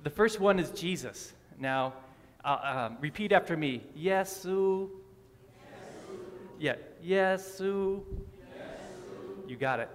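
A man's voice: medium pitch, lively intonation, unhurried, long pauses, a bit bright. A man preaching a sermon in a church, friendly and joking with the congregation. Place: church sanctuary. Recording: long hall reverb.

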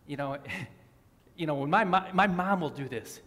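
A man's voice: a little high, moderate pace, a bit bright. A man preaching a sermon as a pastor. He asks rhetorical questions and drives his points home by repeating phrases. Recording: long reverb of a large hall.

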